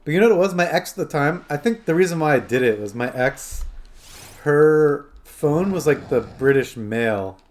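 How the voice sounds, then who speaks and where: A man with a fairly high, lively voice streams a game at a moderate pace, rambling casually with viewers. His chatter goes both to chat and to his phone.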